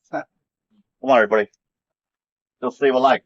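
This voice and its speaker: A man's voice: mid-range voice, expressive, normal speed, fairly bright tone, faint music behind. A man hosting a casual garden vlog, chatting in an easygoing, rambling way as he walks around an outdoor desert garden. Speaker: vlog host. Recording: dull lo-fi dry sound.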